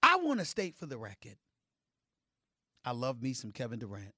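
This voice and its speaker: A middle-aged man giving heated sports commentary, emphatic, swinging between loud declarations and low, intense remarks. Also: huge pitch swings, normal speed, pauses often, no echo, studio quality.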